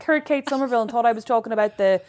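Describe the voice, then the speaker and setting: A woman co-hosting a podcast, chatting in a teasing, animated way. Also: on the high side, racing. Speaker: podcast co-host. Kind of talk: casual chat.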